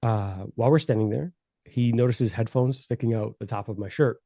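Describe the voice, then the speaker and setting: A man telling a story on a podcast in a casual, animated and profane way, laughing as he goes. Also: mid-range voice, brisk, no echo.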